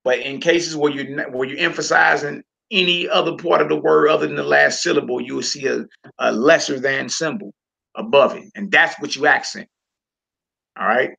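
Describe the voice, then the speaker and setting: A man with a gravelly, forceful voice leads a relaxed homeschool lesson. He stretches out each word and repeats it slowly so his students can follow. The recording sounds dull and lo-fi. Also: a little high. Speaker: Hebrew teacher.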